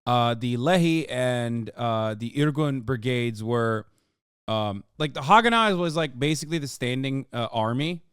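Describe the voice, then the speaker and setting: A man's voice: mid-range voice, unhurried, fairly bright tone, smooth, no room sound, studio quality. A man hosting a casual reaction stream, talking heatedly and profanely, his voice climbing when outraged. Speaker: streamer host.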